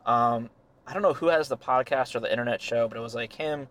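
A young adult man chatting casually, retelling stories and acting out quotes with laughter. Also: fast talker. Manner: animated storyteller, acts out quotes with rising pitch and laughter.

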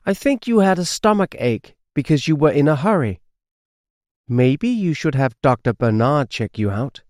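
An anxious young male dog in a children's storybook, played by a man. His voice jumps high with worried questions and lively swings. The sound is dry and close. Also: normal speed, no room sound, natural voice. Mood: advising.

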